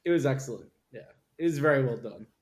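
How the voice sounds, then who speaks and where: A man's voice: mid-range voice, expressive, quick pace, darkish tone. Male co-host, agreeable and easygoing, roomy echo on the mic. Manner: agreeable, lots of short backchannels. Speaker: podcast co-host. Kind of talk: casual panel chat.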